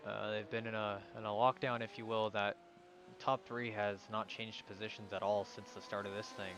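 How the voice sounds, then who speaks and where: A man's voice: lowish voice, little pitch movement, moderate pace, noisy background. A man giving live commentary on an online sim race, calling out positions and sometimes stumbling over drivers' names.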